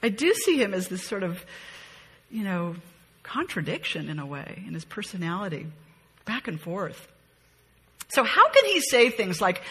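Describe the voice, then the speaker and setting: A woman's voice: medium pitch, big pitch swings, unhurried, pauses often, bright, forceful tone, husky, big-room sound. A woman leading a conversational Bible study, reading scripture aloud with expression and then musing on it in a chatty, reflective way. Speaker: Bible teacher.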